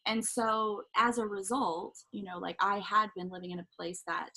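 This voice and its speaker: A middle-aged woman with a slightly husky, breathy voice tells a personal story as a guest on a talk show. She is animated and playful, acting out quotes and laughing as she goes, with pitch in a middle range. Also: normal speed, rough recording. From Southern California. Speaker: guest, life coach. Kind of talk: casual storytelling.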